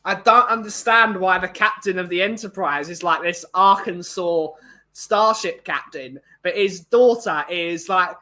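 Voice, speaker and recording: A man's voice: sits high, measured pace, pushed and bright. A young man chatting casually and opinionatedly to viewers, rambling with many restarts. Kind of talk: casual chat.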